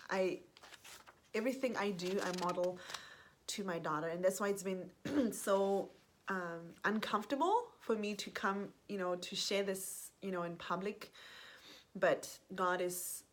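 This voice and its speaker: A woman giving an effusive faith testimony to camera. She often restarts her sentences, reads scripture aloud more softly, and closes with blessings over her listeners. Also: on the low side. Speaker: Christian speaker sharing her testimony.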